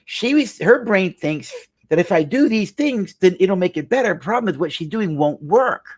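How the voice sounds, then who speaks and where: A man's voice: sits high, animated, normal speed. A middle-aged man, a marriage counselor, telling a client story to the camera with emphatic, preacher-like delivery.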